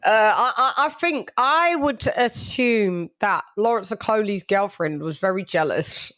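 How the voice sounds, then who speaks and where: A woman's voice: medium pitch, expressive, measured pace, fairly bright tone. A woman hosting a boxing podcast in casual, gossipy and blunt chat. She laughs often and repeats words as she talks.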